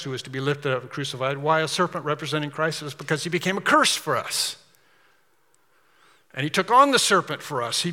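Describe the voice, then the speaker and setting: Male preacher, slightly high, bright forceful voice, emphatic sermon delivery with long hall reverb. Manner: emphatic, repetitive preaching with rising intensity.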